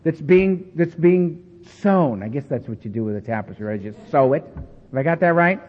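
A man with a high, very expressive voice addresses a recovery meeting, telling stories in an animated, self-mocking way. He acts out the dialogue as he goes. The recording is dull and carries the long reverb of a large hall. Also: moderate pace. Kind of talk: storytelling talk to an audience.

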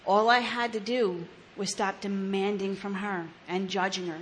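A woman's voice: mid-range voice, steady tone, measured pace, a little hiss or hum. A woman, frankly telling her own recovery story, blunt and swearing, with restarts and laughs. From New Jersey, US. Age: 30s. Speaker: recovery speaker. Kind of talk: candid personal testimony.

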